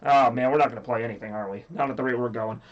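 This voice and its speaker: A man's voice: medium pitch, steady tone, rapid-fire, muffled recording. A man with a scratchy voice hosting a livestream, rambling casually and joking with chat. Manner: rambly, jokey, reads chat aloud. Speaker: livestream host.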